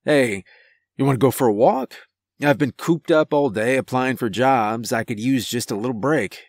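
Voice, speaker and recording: A man's voice: mid-range voice, normal speed, no echo, clean studio sound, lightly acted. Man doing an easygoing, friendly dad. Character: easygoing middle-aged father, friendly.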